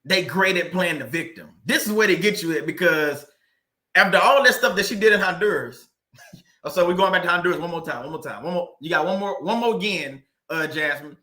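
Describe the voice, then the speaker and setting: A man runs a casual livestream, sharing a personal story and reading out viewer comments. He's animated, laughs often, and repeats words for emphasis, with a high-pitched voice and a brisk pace.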